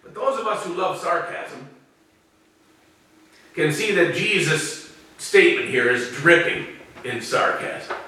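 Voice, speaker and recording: A man's voice: a little high, expressive, takes it slowly, pauses often, sharp tone. A man preaching a sermon in a dramatic way, acting out the voices he quotes. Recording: very echoey room, speaker far from mic.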